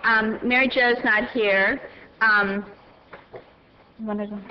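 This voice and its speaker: Southern woman, folksy presenter, fairly high voice, muffled room recording with crowd. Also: fairly even intonation, slight background noise. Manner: folksy, laughing, reading names haltingly. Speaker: council member presenting awards. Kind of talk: chatty public award presentation.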